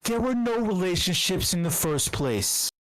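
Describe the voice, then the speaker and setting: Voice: medium pitch, lively intonation, normal speed, fairly bright tone, rough recording. A speaker ranting heatedly and profanely at an online meetup, exasperated and emphatic, often restarting sentences. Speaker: meetup participant. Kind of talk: heated rant in an online group call.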